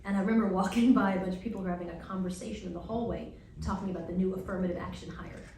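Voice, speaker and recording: A woman from Long Island, New York, speaking as a guest at a student Q&A, giving advice in an animated way and acting out quick voices in her asides. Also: medium pitch. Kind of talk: lively advice talk at a Q&A. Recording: echoey room, heard from far off, faint noise.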